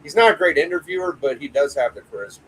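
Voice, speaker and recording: A man's voice: a little high, lively intonation, quick pace, slight background noise, poor audio. Blunt, swearing man in casual chat.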